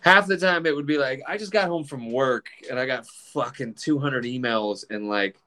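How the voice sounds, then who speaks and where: A middle-aged comedian who is also a group admin chats casually on a podcast, rambling with profanity, laughing often and acting out quoted exchanges. His voice is mid-range and bright with a forceful tone, at normal speed.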